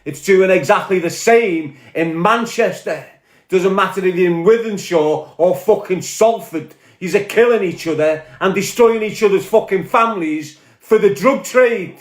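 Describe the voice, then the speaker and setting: A man's voice: high-pitched, normal speed, echoey room. Furious Scouse man ranting. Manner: shouting, profane, confrontational. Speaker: online commentator. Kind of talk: angry rant to camera.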